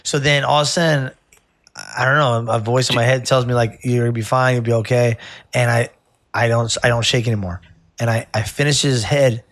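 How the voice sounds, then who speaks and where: A man's voice: mid-range voice, a little fast, no room sound, clean studio sound. A man who works as a barber, telling a rambling story in casual chat and calling the listener "bro". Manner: animated, rambling, says "bro" a lot.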